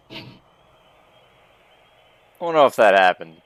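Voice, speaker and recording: A man's voice: fairly low pitch, expressive, measured pace, fairly bright tone, clear, resonant tone, dry recording. A man musing offhandedly as he comments on a game he is playing. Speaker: let's play host. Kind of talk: casual gameplay commentary.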